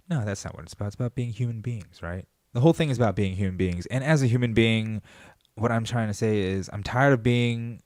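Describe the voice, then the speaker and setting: Brief: male podcast host, lowish voice, swearing, rambling solo rant, dry close sound. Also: dry recording. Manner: loose delivery with frequent restarts and asides. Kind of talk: casual solo monologue.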